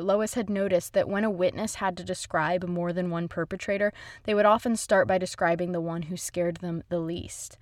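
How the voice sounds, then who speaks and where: A woman narrating a scripted documentary story in a measured, even way. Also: fairly low pitch, no room sound. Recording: dry close-mic studio voice.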